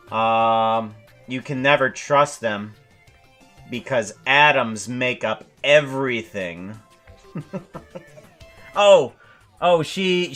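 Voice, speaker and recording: An animator plans a script by thinking aloud as he works, his mid-range voice a bit bright. He muses and corrects himself, filling his speech with fillers.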